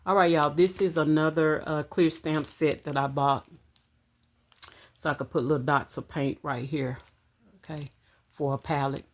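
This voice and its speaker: A woman chatting casually to her viewers at home, calling them y'all and counting out loud as she goes. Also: sits low, steady tone, a little slow, long pauses. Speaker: budgeting vlogger. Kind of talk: casual chat to camera. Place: home room. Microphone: camera on a stand.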